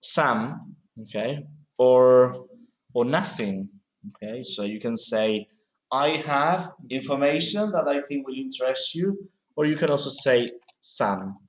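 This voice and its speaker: Slow, patient male English teacher. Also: mid-range voice, lively intonation, roomy sound, slight background noise, poor audio. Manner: patient, explains slowly with examples. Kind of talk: classroom grammar correction. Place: classroom.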